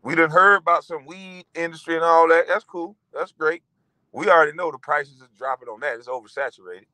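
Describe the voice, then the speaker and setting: A man in his forties ranting in a profane monologue, animated and mocking, breaking into laughter. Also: a little high, a little fast, no room sound, poor audio. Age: 40s. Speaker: vlogger.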